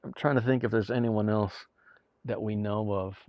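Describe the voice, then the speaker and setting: A man's voice: on the low side, fairly even intonation, moderate pace, darkish tone, dry recording. A man chatting casually to viewers on a live stream, rambling, with many restarts and repeated words. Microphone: streaming mic.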